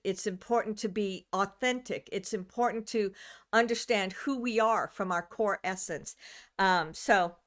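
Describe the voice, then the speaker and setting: A woman's voice: mid-range voice, fairly bright tone. A woman from the United States, a channeler hosting a live stream, chatting casually with viewers, rambling, restarting sentences and greeting people by name.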